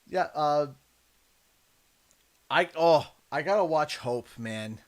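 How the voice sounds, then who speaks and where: A man's voice: a little high, animated, slow, long pauses. A man in his thirties chatting casually while livestreaming a game, a chatty storyteller who laughs and acts out voices. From Canada. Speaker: livestreaming gamer.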